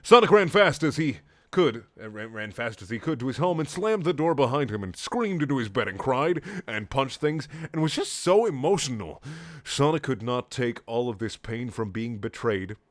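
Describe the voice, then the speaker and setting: A man reading a story aloud in a sarcastic, deadpan way, with mocking asides. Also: medium pitch, normal speed, dry recording, studio quality. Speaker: comedic reader.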